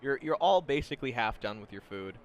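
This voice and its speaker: A man narrating as game master of a tabletop game, in a relaxed way with lots of fillers. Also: mid-range voice, brisk. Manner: relaxed, filler-heavy narration with frequent laughs.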